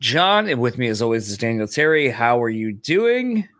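A man co-hosts a podcast in loose, casual chat, swearing freely and using lots of fillers. His medium-pitched voice is sing-song and a bit bright at a moderate pace, recorded dry with clean studio sound.

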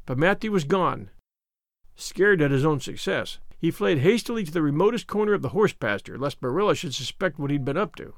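A man reading a classic novel aloud as narrator, in an expressive storytelling manner. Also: fairly high pitch, fairly quick, no room sound, studio quality. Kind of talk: audiobook reading.

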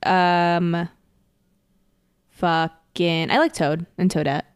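A woman's voice: lowish voice, level tone, drawn-out words, clean tone. A woman co-hosting a casual podcast, laughing often and rambling with lots of fillers. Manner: giggly, rambling, many fillers. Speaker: podcast co-host.

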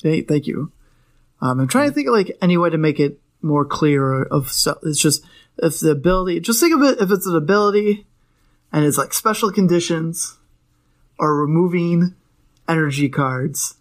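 A man's voice: fairly high pitch, expressive, moderate pace. A young adult man co-hosting a casual podcast, talking in a rambling, playful way and correcting himself often. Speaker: podcast co-host. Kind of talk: casual chat about trading cards.

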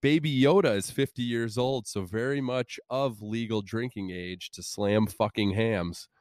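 A man hosting a comedy podcast, reading sponsor copy with a deadpan, wry delivery. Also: lowish voice, a little slow, no room sound, clean studio sound. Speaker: podcast host. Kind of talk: deadpan comic ad read.

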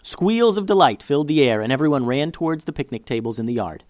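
A man reads a children's story aloud with an expressive, animated delivery. His pitch climbs and dips freely through each sentence, and the recording is dry and close. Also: quick pace, dry recording.

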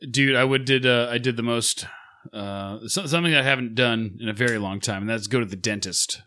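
A man's voice: medium pitch, a little fast, sharp tone. A man in his thirties co-hosting a podcast, telling a rambling, profane story in casual chat and acting out what other people said. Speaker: podcast co-host.

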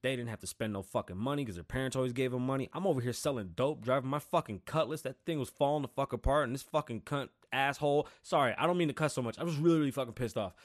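A man's voice: medium pitch, quick pace, few pauses. Profane, rambling man telling stories. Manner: profane, animated storytelling; rambling, digressive. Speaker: podcast host. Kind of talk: casual monologue.

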